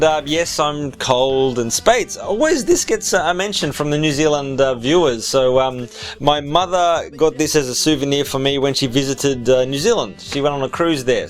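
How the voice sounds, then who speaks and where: Chatty man hosting a car vlog. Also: fairly high pitch. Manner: chatty and easygoing, talks straight to viewers. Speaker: car video host. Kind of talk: casual vlog narration.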